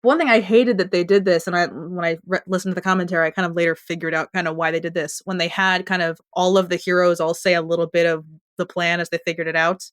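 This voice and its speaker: A woman's voice: fairly low pitch, steady tone, quick pace, few pauses, dry recording, studio quality. A woman co-hosting a podcast, recapping a TV episode in a chatty, rambling way with restarts and laughs. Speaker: podcast co-host. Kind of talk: casual TV recap chat.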